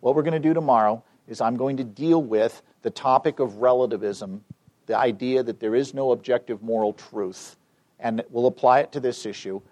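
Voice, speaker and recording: A man giving a live training seminar, telling an anecdote to an audience in an animated, emphatic way. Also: medium pitch, normal speed. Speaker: seminar speaker. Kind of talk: live training talk with storytelling.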